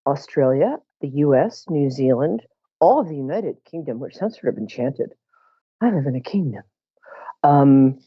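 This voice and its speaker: Lively joking woman psychic host. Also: low-pitched, no room sound, highs cut off. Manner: self-mocking, joking, chatty. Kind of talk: live call-in show chat.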